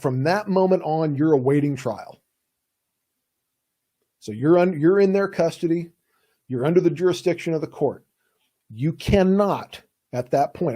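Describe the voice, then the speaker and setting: A man's voice: fairly high pitch, mellow, slightly rough. A man hosting a podcast as a defense attorney, giving emphatic, folksy advice in a casual monologue. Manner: emphatic, folksy, acts out quoted voices.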